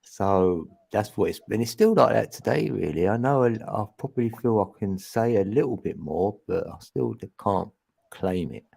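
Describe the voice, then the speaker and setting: A man's voice: lowish voice, animated, moderate pace, gravelly, mellow, slightly rough. A man chatting casually as a guest on a livestream, laid-back, trailing off and chuckling. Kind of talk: casual chat.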